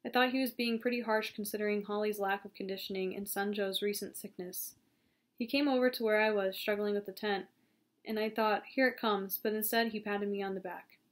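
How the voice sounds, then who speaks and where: A woman reads a novel aloud in a calm, steady voice at an ordinary pitch. She sometimes trips over a word and starts the phrase again. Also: a little fast. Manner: calm, steady reading with small slips and restarts. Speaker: audiobook reader.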